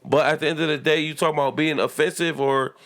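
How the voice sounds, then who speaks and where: A man's voice: fairly high pitch, steady tone, quick pace, a bit bright. A man from the United States arguing heatedly and emphatically in a casual podcast debate, swearing freely. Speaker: podcast co-host.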